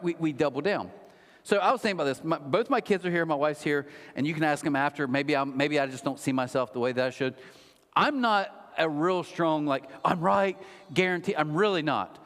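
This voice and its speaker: Middle-aged male pastor, high lively voice, joking sermon, long hall reverb. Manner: humorous, animated, mocking asides. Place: large church auditorium.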